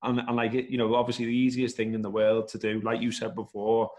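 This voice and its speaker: A man's voice: mid-range voice, completely flat delivery, fast, darkish tone. A man speaking as a podcast guest, thinking aloud in a rambling, casual way with some swearing. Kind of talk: casual conversational podcast chat.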